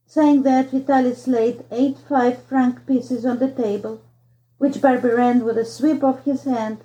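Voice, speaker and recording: Woman narrator, high-ish dark voice, measured storybook reading, lo-fi. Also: steady tone, roomy sound. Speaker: audiobook narrator.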